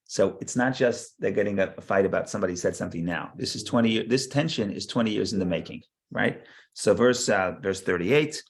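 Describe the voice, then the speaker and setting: Guy with a lowish voice teaching a torah class, reads verses then explains, lots of restarts. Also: a little fast, few pauses. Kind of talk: text study class.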